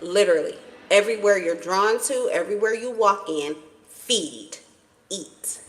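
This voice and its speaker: A woman's voice: mid-range voice, fairly quick, rough recording. Blunt, profane woman reading tarot. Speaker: tarot reader.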